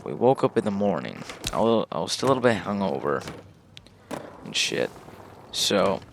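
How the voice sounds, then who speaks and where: A man's voice: low voice, sing-song, moderate pace, gravelly, a little hiss or hum. A young man telling a casual story about his own life, rambling along with fillers and swearing.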